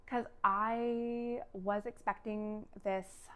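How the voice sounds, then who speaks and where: A woman vlogger telling a personal story, animated and emotional, with many fillers and acted-out quotes. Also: mid-range voice, moderate pace.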